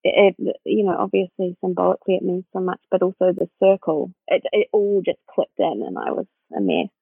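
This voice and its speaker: A woman's voice: on the low side, brisk, vocal fry, slightly rough, no room sound. A woman guest, an actress, chatting in an interview and telling a story animatedly with plenty of laughter. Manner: animated storyteller who acts out quoted voices, laughing often. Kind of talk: casual interview chat. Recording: tinny phone-like line, dry.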